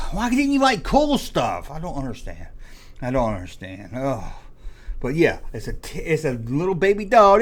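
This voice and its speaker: A man's voice: sits high, very animated, normal speed. A man in his forties hosting a comedic rant, sarcastic and full of mock exasperation. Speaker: host.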